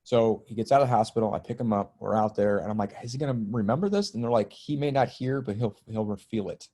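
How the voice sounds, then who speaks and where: Talking fast in a warm, lowish voice, a middle-aged man who works as a spiritual teacher and healer shares a personal story as a podcast guest. His telling is earnest and emotional, lightened now and then by jokes.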